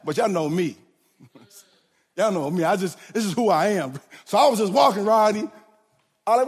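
A man preaching a sermon, swinging from loud shouted points to hushed asides. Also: sits high, animated, moderate pace, breathy edge. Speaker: pastor. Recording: long hall reverb.

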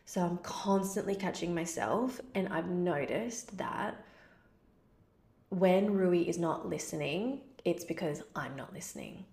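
A woman's voice: fairly low pitch, animated, measured pace, vocal fry, darkish tone, roomy sound. A woman, giving casual parenting advice as a podcast host, chatty and full of "like" fillers. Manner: chatty, many "like" fillers, acts out parent-child exchanges. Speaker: podcast host answering a listener question.

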